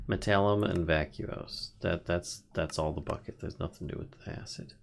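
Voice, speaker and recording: Gravelly low-voiced man thinking aloud. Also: steady tone, moderate pace, slight background noise. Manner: thinks aloud, reads out recipes, frequent laughs. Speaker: streamer, co-host. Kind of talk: casual gaming stream chat.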